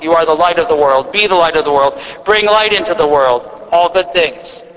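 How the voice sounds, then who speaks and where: A high-voiced man with an Upper Midwest accent delivers a sermon. He talks in a relaxed, conversational way, restarting phrases and adding asides. His voice rings out with a long reverb in a church. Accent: Upper Midwest American. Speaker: priest.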